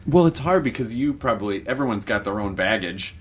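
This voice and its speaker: A man's voice: lowish voice, lively intonation, fairly quick, slightly rough. A man with an American accent hosting a podcast, rambling and joking casually with his guest. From United States. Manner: jokey, conversational, rambling. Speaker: podcast host. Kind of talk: casual chat.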